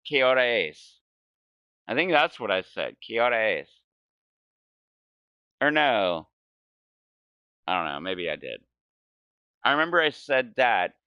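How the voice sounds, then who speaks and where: A man in his forties chats while gaming, drifting from thought to thought and correcting himself with frequent laughs. His voice is low and smooth, and he speaks at an unhurried pace. The audio is dry and a little dull. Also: no echo. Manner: meandering, self-correcting, laughs often. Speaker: gaming channel host. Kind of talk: casual rambling storytelling while gaming.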